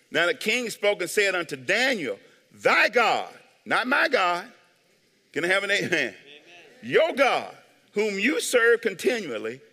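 A male pastor delivers a sermon, calling for responses from the congregation. His voice is high, bright and swings widely in pitch. A long reverb from the church sanctuary follows his words. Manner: animated call-and-response preaching.

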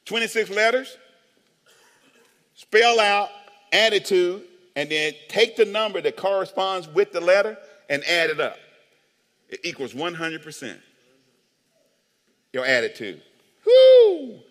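Male pastor, high and bright, animated joking sermon delivery, long church reverb. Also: a little slow, long pauses. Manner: animated, joking, calls for amens. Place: church sanctuary.

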